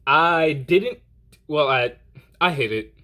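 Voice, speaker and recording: A young man telling a story in a casual, animated way, rambling with lots of fillers. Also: a little high, takes it slowly. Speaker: vlogger.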